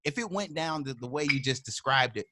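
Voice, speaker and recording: A man co-hosting a podcast, chatting in a lively, slangy way and often repeating himself. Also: medium pitch, fairly quick, dry recording, clean studio sound. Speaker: podcast co-host. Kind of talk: casual chat.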